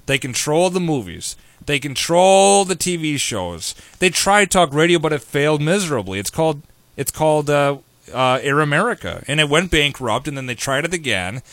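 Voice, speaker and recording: A man hosting a talk radio show, brash and sarcastic in quick banter with his co-host. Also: on the high side, sing-song, a bit bright, no room sound. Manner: brash, sarcastic, rapid-fire. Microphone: studio microphone.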